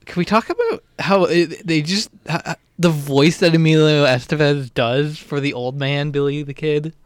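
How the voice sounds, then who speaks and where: A man's voice: on the high side, moderate pace, smooth, no echo, clean studio sound. A man co-hosting a podcast, chatting casually about a film with wry complaints. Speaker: podcast co-host. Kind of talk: casual movie review chat.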